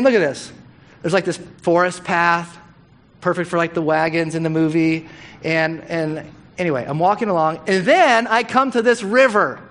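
A middle-aged man preaches to his congregation in a relaxed, storytelling way. His voice sits a little high, and he drops into playful, acted-out quotes as he goes. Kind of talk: sermon storytelling.

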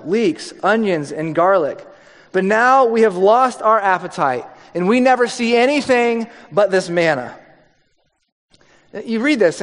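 A man's voice: a little high, big-room sound. A male pastor giving a conversational, joking sermon.

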